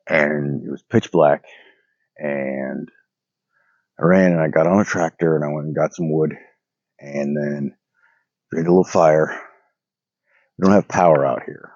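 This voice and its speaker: A man vlogging about reading the Bible rambles casually at night on rural land, his phone propped on a log and his speech full of fillers and restarts. He has a cold, leaving his rumbling low, a little mellow voice slightly hoarse. The recording sounds dry and muffled.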